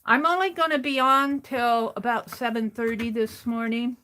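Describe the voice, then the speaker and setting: A woman's voice: a little high, steady tone, moderate pace, pushed and bright. A woman hosting a craft livestream, chatting casually and rambling to herself as she works. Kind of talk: casual chat while crafting.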